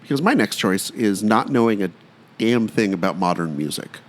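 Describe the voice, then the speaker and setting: A man's voice: fairly low pitch, expressive, moderate pace. A man co-hosting a podcast in casual chat, wry and self-deprecating. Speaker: podcast co-host.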